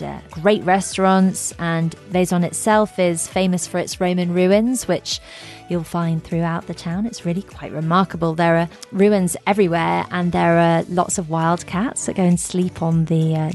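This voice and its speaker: A woman's voice: on the low side, vocal fry, darkish tone. A woman hosting a travel podcast, chatting enthusiastically about her trips with gushing asides and fillers. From England. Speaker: podcast host.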